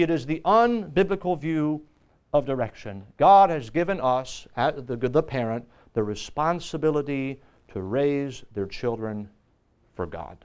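Fervent high-voiced preaching man. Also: smooth. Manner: fervent preaching, repeats lines for emphasis. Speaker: pastor. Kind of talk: Sunday school lesson preaching. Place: church.

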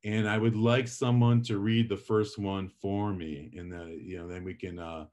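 A middle-aged man runs a public speaking class, his voice sitting a little low. He lectures casually, swinging between loud and quiet to show his points. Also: moderate pace. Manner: animated, varies volume and pace for effect.

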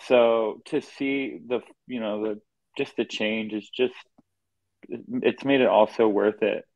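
Man, 30s, low monotone guest, emotional and sincere, muffled dry recording. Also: slow pace, dry recording. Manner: heartfelt, emotional. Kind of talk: candid personal talk. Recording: dull dry lo-fi audio.

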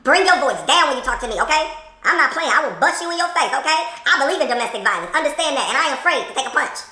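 A man's voice: very high voice, expressive, bright, forceful tone, faint music behind, voice pushed up, full character voice. A man putting on a brash scolding wife. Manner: brash, scolding, rapid-fire and dramatic. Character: sassy demanding wife, adult woman, quick-tempered. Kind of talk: comedy skit. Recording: echoey room.

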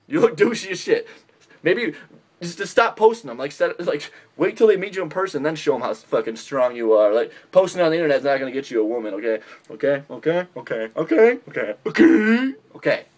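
A young man with a fairly high voice rants into his camera. His delivery is blunt and full of profanity. He keeps slipping into mocking impressions of other people. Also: lively intonation, a little fast. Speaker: vlogger giving dating advice. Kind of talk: ranting comedic vlog.

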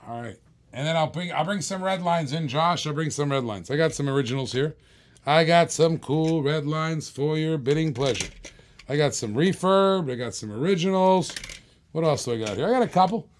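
A man hosting a live-stream toy car auction, calling bids and joking with viewers in chatty auctioneer patter. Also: fairly high pitch.

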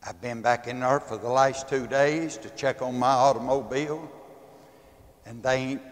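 A man's voice: mid-range voice, fairly even intonation, moderate pace. An older man preaching, telling a folksy story that acts out both sides of a quarrel. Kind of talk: sermon testimony. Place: church sanctuary. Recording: long church reverb.

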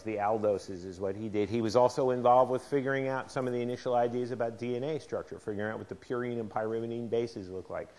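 This chemistry professor speaks fairly quickly in a medium-pitched, slightly mellow voice during a university lecture in a lecture hall. A man, he keeps things chatty and conversational, quizzing the class with questions.

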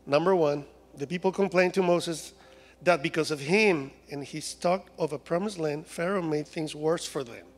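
A guest preacher from Mexico, speaking with a Mexican Spanish accent, gives a humorous sermon in a church sanctuary. His voice is a little high and moderately paced, with a long reverb tail, and he acts out the voices of complaining people.

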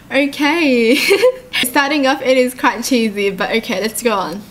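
A woman's voice: high voice, slow pace. A woman YouTuber reacting in casual chat to a story told in texts, giggly and chatty. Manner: giggly and chatty, often laughing at herself.

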